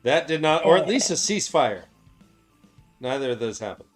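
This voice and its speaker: A man with a slightly high voice retells a story to his co-hosts, full of energy. He drops into character voices as he goes, keeping the recap casual. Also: normal speed, faint music behind. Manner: animated recapping, acting out characters' lines. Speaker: podcast host recapping chapters. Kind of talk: casual chat.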